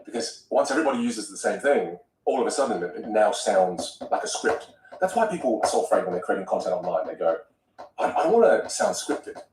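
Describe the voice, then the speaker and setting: A man talking as a vocal coach in a podcast conversation, animated and acting out example voices. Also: on the low side, quick pace, echoey room, recorded from a distance, poor audio.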